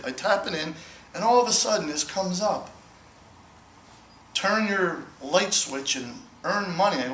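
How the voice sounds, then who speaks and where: Animated storytelling man, bright voice. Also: a little high, brisk, reverberant, slight background noise, low-quality recording. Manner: animated storyteller acting out dialogue, frequent "right?". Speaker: company president telling his story. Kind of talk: motivational talk to an audience.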